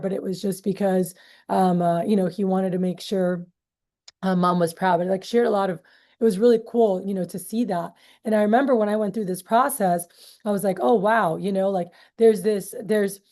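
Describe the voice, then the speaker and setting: A woman's voice: medium pitch, warm tone. A woman in her thirties leading a group meeting, talking casually with many fillers and acting out quoted voices as she tells stories. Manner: chatty, heavy fillers like "um, uh" and "like"; acts out quoted voices in storytelling. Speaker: meeting leader.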